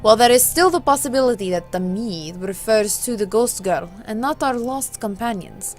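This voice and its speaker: A woman reading the lines of a composed, formal male count aloud from a visual novel, in a measured, matter-of-fact way. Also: mid-range voice, animated, darkish tone, faint music behind, natural voice. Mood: calm, steady.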